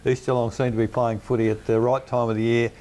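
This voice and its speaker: An Australian man on a football panel show, measured and analytical. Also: mid-range voice, flat delivery, a little mellow. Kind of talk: sports panel commentary.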